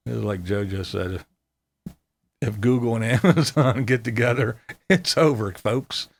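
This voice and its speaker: A man's voice: medium pitch, measured pace, creaky. A man hosting a casual livestream, reading viewer comments aloud in a laid-back way and chuckling often. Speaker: livestream host.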